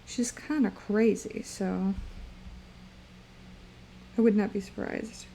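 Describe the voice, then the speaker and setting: A woman's voice: medium pitch, fairly even intonation, takes it slowly, vocal fry, mellow, a little hiss or hum. A young woman streaming live, chatting playfully and rambling to her viewers while she draws. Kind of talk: casual live-stream chat while drawing.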